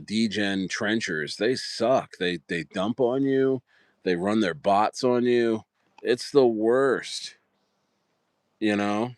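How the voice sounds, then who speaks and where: A man's voice: lowish voice, no echo, clean studio sound. A man hosting a casual livestream, chatting in a rambling way with lots of fillers and restarts. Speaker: livestream host.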